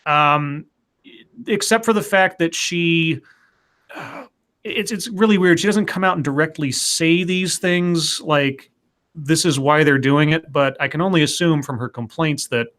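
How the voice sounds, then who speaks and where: A man's voice: mid-range voice, a bit bright. A man chatting casually as a co-host, rambling with wry, sarcastic asides. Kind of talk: casual commentary chat.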